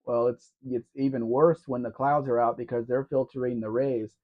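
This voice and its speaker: A chatty man hosts a live stream, reading out viewer comments and teasing back. His voice sits at an ordinary middle pitch for a man. The sound is dull and lo-fi. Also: flat delivery, normal speed. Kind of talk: casual livestream chat.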